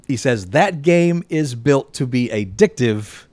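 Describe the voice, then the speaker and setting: A man's voice: medium pitch, expressive, takes it slowly, darkish tone, no echo. A man co-hosting a casual podcast, chatting loosely and reading news items. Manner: chatty, laughs between lines, swears casually.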